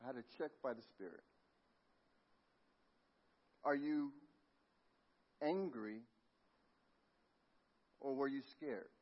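A middle-aged man preaching a sermon, telling a family story and dropping to a near hush at tender moments. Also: mid-range voice, takes it slowly, long pauses. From Los Angeles. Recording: muffled lo-fi sound.

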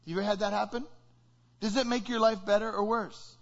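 A man's voice: high-pitched, fairly even intonation, a little fast, dull audio. A man preaching a sermon in a conversational way, asking the listeners rhetorical questions. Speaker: pastor.

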